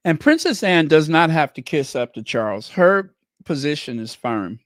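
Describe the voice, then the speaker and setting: Male commentator, higher pitch, dry close sound, sarcastic rhetorical delivery. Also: expressive, normal speed, no room sound. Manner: sarcastic, rhetorical questions, wry asides. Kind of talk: casual chat.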